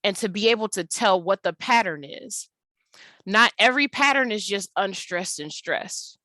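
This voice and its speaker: A woman's voice: medium pitch, lively intonation, moderate pace, bright, forceful tone, no echo. A young woman teaching an English lesson over slides, explaining casually and saying words aloud to show their rhythm. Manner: conversational, with fillers.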